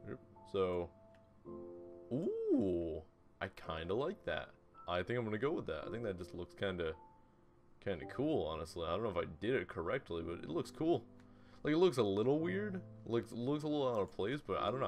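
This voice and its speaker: A man hosting a relaxed game video, talking to himself in a casual, rambling way with little hums and asides as he builds, a bit off his desk mic at home. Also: low voice. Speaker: gaming video host. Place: home room beside a TV. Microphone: desk mic, turned away from it.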